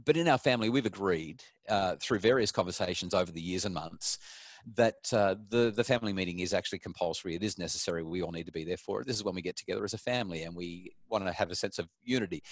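A man with a fairly low voice talks through parenting advice on a video call. He is earnest and explanatory, and he leans on stories from his own family. The sound is dry and close, with no room echo. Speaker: parenting expert guest. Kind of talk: webinar talk on a video call. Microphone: video call microphone.

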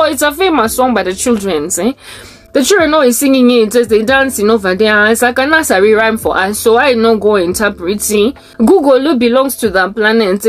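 A woman with a fairly high voice talks through a loose, rambling vlog as a Christian vlogger. She reads search results aloud and slips into sing-song chanting. Faint music plays underneath. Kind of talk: casual vlog monologue.

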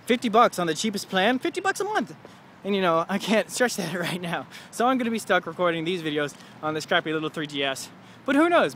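A man in his twenties talks to camera in a rambling, self-mocking way and chuckles at his own jokes. His voice sits high and sounds bright and sharp. Faint city traffic hums behind him outdoors. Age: 20s. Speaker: vlogger. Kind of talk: rambling comedic video diary.

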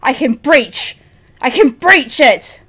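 A woman voicing a sneaky animatronic fox that plots an attack, in a quiet scheming aside in her own voice. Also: high voice, animated, slow pace, breathy edge, voice pushed down, heavily acted.

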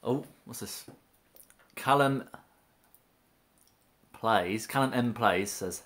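A man eating on a livestream, dry and low-key, reading out viewer comments between bites. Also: takes it slowly, pauses often, fairly bright tone. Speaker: mukbang co-host reading chat. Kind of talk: casual chat while eating on a livestream. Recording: roomy echo.

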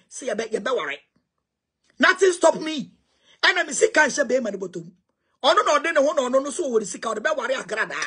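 A Ghanaian woman with a high-pitched voice speaks with passion and confrontation. She switches freely between Twi and English and addresses her listeners directly and forcefully. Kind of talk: impassioned spoken response.

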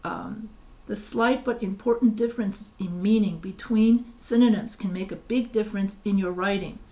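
A woman's voice: mid-range voice, normal speed, warm tone. A woman teaching writing, explaining spelling rules patiently, often restarting and spelling words out letter by letter. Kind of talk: recorded lecture over slides.

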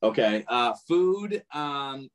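A man's voice: mid-range voice, very animated, slow pace. A man who co-hosts a radio show, guesting on a podcast, easygoing in casual chat.

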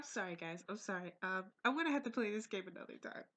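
Playing a horror game on her phone, a young woman reacts to her fear out loud, pleading and often sinking to a whisper. Her medium-pitched, fairly bright voice is expressive and quick, with hardly any pauses, recorded on a phone or laptop mic.

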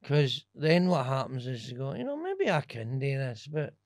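Animated Scottish man telling stories. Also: medium pitch, normal speed, no echo, clean studio sound. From Scotland. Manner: animated, swearing, laughing storyteller. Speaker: stand-up comedian guest. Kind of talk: casual podcast storytelling.

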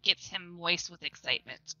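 A woman's voice: on the low side, expressive, normal speed, vocal fry, pushed and bright, lo-fi sound. A woman in a casual group chat, giggling and playful. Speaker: podcast co-host.

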